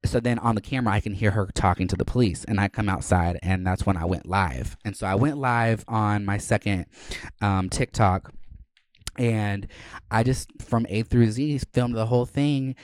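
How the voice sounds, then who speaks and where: Low-voiced man ranting casually. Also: steady tone, normal speed, no echo. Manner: rambling, profane, lots of "like" fillers. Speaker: podcast host. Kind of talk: casual chat.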